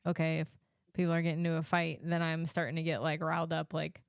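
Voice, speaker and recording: Low gravelly lady host chatting, lots of yeahs, dry close mic. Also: fast, dry recording. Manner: relaxed, lots of agreeing "yeah", laughs easily. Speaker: podcast host, life coach. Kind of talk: casual chat.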